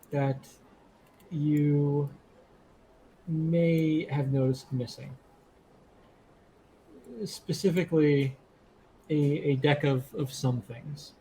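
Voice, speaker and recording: A man's voice: on the high side, fairly even intonation, extremely slow, pauses often, warm tone, a little hiss or hum, low-quality recording. A man playing a tabletop game, speaking in character in a hesitant, sheepish, stumbling way. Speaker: player. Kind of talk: in-character role-play.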